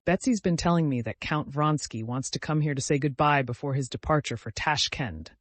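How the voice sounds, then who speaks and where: A man's voice: fairly high pitch, a little fast, no echo, close to an everyday voice. A man voicing an anxious young noblewoman who speaks in an urgent, hasty, pleading way. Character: anxious, flushed young noblewoman, excited and earnest.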